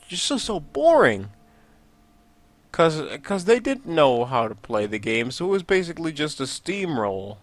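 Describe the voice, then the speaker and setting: Rambling and self-mocking, a young Let's Play host narrates his gameplay casually and laughs frequently. His voice sits on the high side with a fairly bright tone, and there's no echo.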